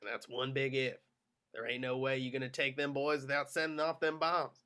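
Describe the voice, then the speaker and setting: A man voicing a blunt American army lieutenant with terse, flat replies. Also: medium pitch, brisk, clean tone, close to an everyday voice. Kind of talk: amateur script reading.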